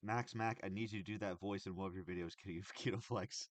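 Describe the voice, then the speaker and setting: A man hosting a podcast in casual reaction chat, halting and restarting as he thinks aloud and reads chat. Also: deep voice, steady tone. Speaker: podcast host.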